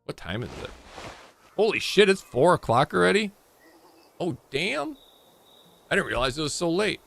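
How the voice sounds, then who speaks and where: Bright-voiced man chatting while gaming. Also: on the high side, very animated, normal speed, creaky, soft background music. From Michigan. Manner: rambling, talks to chat while playing. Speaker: streamer. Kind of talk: casual livestream gaming chat.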